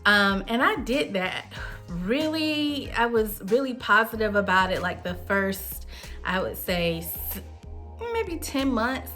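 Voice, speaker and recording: A woman's voice: mid-range voice, expressive, takes it slowly, sharp tone, faint music behind. A woman in her thirties, host of a wine show, telling a personal story in a chatty, candid way. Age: 30s. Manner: chatty, candid, with frequent fillers.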